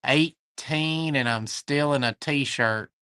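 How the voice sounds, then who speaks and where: A man's voice: on the high side, takes it slowly, pushed and bright, clean tone, no room sound. Chatty Southern man hosting a livestream. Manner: folksy, chatty, greets viewers by name. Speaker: host of a live online antique sale. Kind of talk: livestream chat, reading viewer comments.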